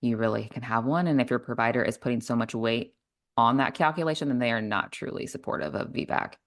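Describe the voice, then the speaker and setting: Very low-voiced woman podcast host. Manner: measured, informative, affirming. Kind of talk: explanatory podcast talk.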